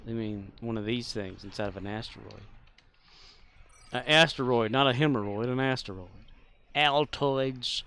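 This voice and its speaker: Man, livestream game commentary, gravelly, rambling, jokey, mid-pitched. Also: normal speed, pushed and bright, dry recording. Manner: rambling, jokey, filler-heavy. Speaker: streamer. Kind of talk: casual gameplay commentary.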